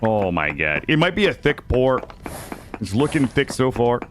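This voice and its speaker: A man streaming a survival game live, chatting with viewers in an excitable, jokey way and arguing his case to chat. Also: mid-range voice, normal speed, a little hiss or hum. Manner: excitable, jokey, defensive with chat, yelps and laughs. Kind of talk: live gameplay commentary.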